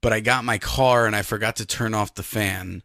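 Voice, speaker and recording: A man co-hosting a podcast, telling an emphatic, animated story in casual chat. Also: lowish voice, moderate pace, gravelly, no room sound, studio quality. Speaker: podcast co-host.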